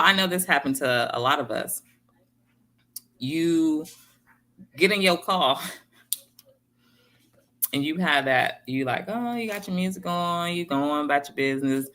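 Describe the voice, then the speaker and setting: A woman's voice: on the low side, pushed and bright. A woman giving a casual motivational talk, emphatic and repeating her key phrases to viewers. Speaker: motivational speaker.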